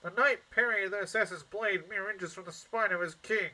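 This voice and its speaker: A man's voice: sits high, moderate pace, pushed and bright, voice pushed up, poor audio. A man voicing an earnest, bookish young male knight in a nasal put-on voice, reading game dialogue aloud. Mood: eager.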